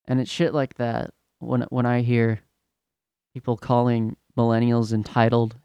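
A man's voice: medium pitch, flat delivery, a little slow, mellow, clean tone, dry recording, dull audio. Profane, exasperated young man ranting. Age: young adult. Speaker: podcast host. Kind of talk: ranting storytelling monologue.

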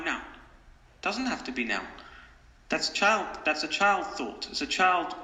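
A man with a high, sharply bright voice talks with animated energy, repeating his phrases for emphasis. He often acts out the voices he quotes. The room is echoey with a long reverb tail. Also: unhurried. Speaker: interview guest. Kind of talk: conversational interview advice.

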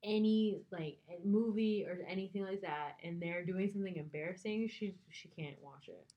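A woman's voice: on the low side, moderate pace, highs cut off. A young American woman co-hosting a casual book podcast, joking and teasing her co-host. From United States. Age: young adult. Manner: teasing, jokey, playful put-on voices.

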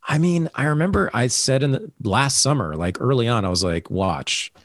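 Podcast host, male, animated sarcastic rant, middle pitch, dry close mic. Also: fairly quick, dry recording. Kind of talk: casual political talk.

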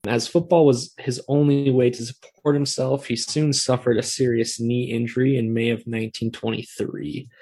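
A man's voice: medium pitch, flat delivery, moderate pace, few pauses, mellow, slightly rough. A man co-hosting a casual podcast, explaining things in an easygoing way with lots of "like"s. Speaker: podcast co-host. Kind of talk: casual chat.

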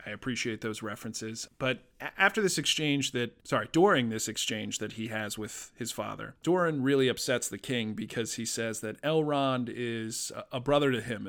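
A man's voice: mid-range voice, fairly bright tone. A man talking casually as a podcast host, reviewing a TV episode as an enthusiastic fan, with fillers and restarts.

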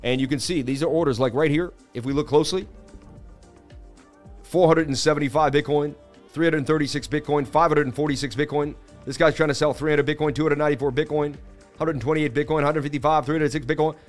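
A man hosting a live-streamed market analysis, talking in an animated, casual, hype-driven way. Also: on the high side, a little fast, faint music behind. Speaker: crypto market analyst host.

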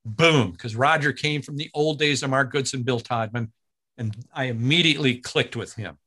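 A man who works as a broadcaster, telling a story in an interview in an animated way, with frequent restarts and acted-out quotes. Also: mid-range voice, moderate pace, husky.

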